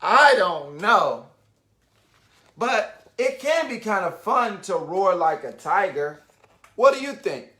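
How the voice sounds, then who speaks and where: A man reading a picture book aloud to young children in an animated way, stopping often to ask them questions and wonder about the pictures. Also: high-pitched. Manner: animated, asks the listener questions and pauses to wonder.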